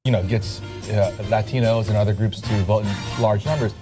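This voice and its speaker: A man's voice: fairly low pitch, steady tone, normal speed, music in the background. A man hosting a political commentary show, stating opinions confidently in a clip played on air. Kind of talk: news commentary.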